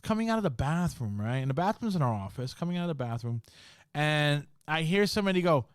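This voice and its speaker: A man's voice: on the high side, sing-song, quick pace, clear, resonant tone, dry recording, studio quality. A man hosting a podcast, telling a spooky story from work in a casual, slangy way, full of swearing and "bro". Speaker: podcast host.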